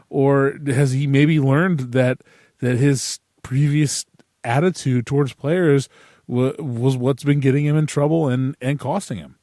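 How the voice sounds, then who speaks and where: A man hosting a casual sports podcast, telling stories in an animated, incredulous way. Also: medium pitch, no echo, clean studio sound. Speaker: podcast host.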